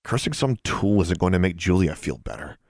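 A man reading an audiobook, voicing a hurt, sharp-tongued teenage witch girl in a raised, sharp voice. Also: expressive, brisk, creaky, dry recording, studio quality, heavily acted. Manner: pitched up, hissing and sharp when angry.

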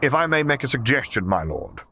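A man voicing a poised male admiral who speaks calmly and formally in a raised voice. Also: mid-range voice, gravelly, slight background noise, voice pushed up, full character voice. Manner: calm, formal, measured.

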